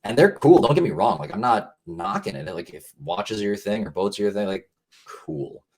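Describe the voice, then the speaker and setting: A man's voice: on the low side, very animated, moderate pace, husky. A man talking earnestly as a podcast guest, casual and rambling, with many fillers and restarts.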